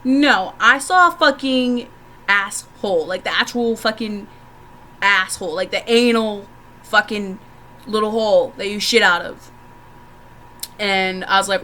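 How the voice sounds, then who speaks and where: A young woman tells candid stories straight to her viewers in a bright, forceful voice. She is frank and profane and laughs often as she talks. A faint hum of room ambience sits under her voice. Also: medium pitch, a little slow, pauses often. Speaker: vlogger. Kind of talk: candid storytelling to camera.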